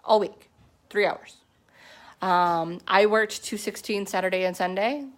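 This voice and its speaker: A woman's voice: mid-range voice, steady tone, measured pace. A woman in her thirties telling her personal story to a team in a casual, chatty way, with many fillers and restarts. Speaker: network marketing distributor.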